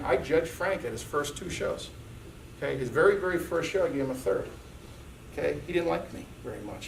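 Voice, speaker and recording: A man's voice: on the high side, vocal fry, slight background noise. Man speaking in an echoey seminar room. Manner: conversational, frequent "okay" check-ins. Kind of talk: live seminar talk. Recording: echoey room, mic distant.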